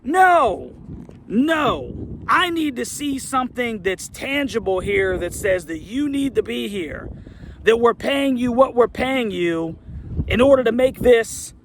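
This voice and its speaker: Middle-aged male fan commentator, high and gravelly, heated exasperated rant. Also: lively intonation, takes it slowly, slight background noise. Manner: heated, exasperated, rhetorical questions.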